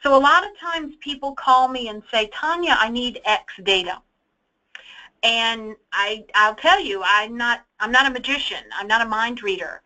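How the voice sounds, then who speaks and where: A woman's voice: fairly high pitch, bright, forceful tone, low-quality recording. A woman teaching a webinar while walking through reports on her screen, chatty and emphatic, often checking in with "okay?". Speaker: data trainer. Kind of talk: webinar screen-share walkthrough. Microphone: computer mic for online webinar.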